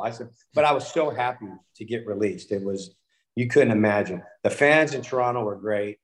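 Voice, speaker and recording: A former pitcher in an interview, telling old clubhouse stories casually, acting out quotes and laughing often. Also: male voice, fairly quick. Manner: animated storyteller, acts out quotes, laughs often. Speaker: guest, former baseball pitcher.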